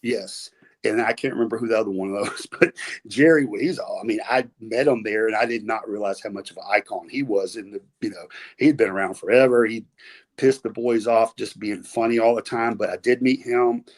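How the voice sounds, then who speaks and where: A man's voice: lowish voice, brisk. A middle-aged man with a Southern US accent, telling rambling stories as a podcast guest with many fillers and restarts. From American South. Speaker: podcast guest, former wrestler. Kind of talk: casual storytelling interview.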